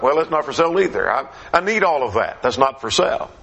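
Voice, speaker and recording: A man preaching a gospel meeting sermon in a conversational way, his questions rising and his phrases dropping low at the end. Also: animated, fast talker, vocal fry, hardly any pauses, fairly bright tone.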